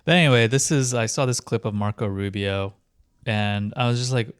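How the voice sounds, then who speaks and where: A man's voice: on the low side, moderate pace, clear, resonant tone, no room sound, studio quality. A man co-hosting a podcast, chatting about politics in a rambling, sardonic way with lots of fillers. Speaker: podcast co-host. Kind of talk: casual political chat.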